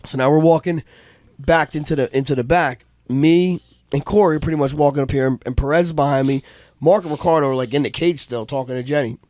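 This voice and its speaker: A man spins stories on a podcast, swearing freely and jumping into other people's voices. His voice sits a little high. The sound is close and dry, with no room echo. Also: brisk. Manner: animated, profane, acts out voices in stories. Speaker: podcast guest, fight coach. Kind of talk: casual storytelling chat. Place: podcast studio couch.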